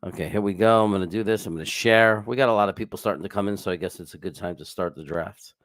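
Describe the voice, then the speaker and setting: A man's voice: deep voice, fast talker, dry recording, clean studio sound. A man hosting a live stream, chatting casually and rambling as he greets viewers by name and swears now and then. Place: home setup with screens.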